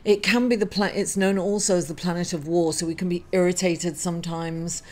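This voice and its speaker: A woman's voice: lowish voice, steady tone, a little fast, a little mellow. A woman hosting her weekly astrology reading, emotional and grieving, hesitant, with many fillers and apologies. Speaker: astrology reader and channel host.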